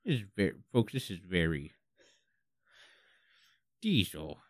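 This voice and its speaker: Male comedy co-host, slightly low voice, deadpan and mock-serious, dry studio sound. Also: measured pace, dry recording. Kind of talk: absurdist comedy radio chat.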